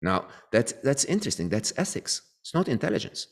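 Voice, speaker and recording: A man's voice: mid-range voice, sing-song, brisk, gravelly. A man being interviewed as an author, explaining his views and often checking in with "okay?" and restarting his sentences. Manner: frequent tag questions and restarts. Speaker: guest author.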